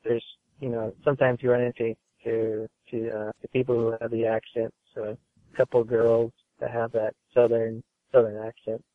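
A man's voice: mid-range voice, little pitch movement, normal speed, dry recording. A man guesting on a podcast, talking loosely about his studio job with lots of fillers and restarts. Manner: rambling, filler-heavy, easygoing. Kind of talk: casual interview chat. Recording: phone-like call audio.

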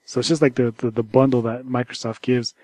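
A man co-hosts a casual tech news podcast, talking in a loose, halting way that is full of restarts. His voice is mellow and warm, and it sits at a medium pitch. The recording is dry and close. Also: fairly even intonation, dry recording. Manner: rambling, halting, many restarts. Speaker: podcast co-host.

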